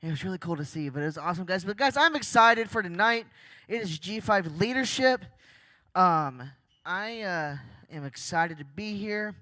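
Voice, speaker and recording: A young man gives an energetic talk from a church stage, chatty and quick to joke. His voice is bright and the sound is dry and close. He keeps asking the crowd questions. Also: high voice, dry recording. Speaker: guest speaker.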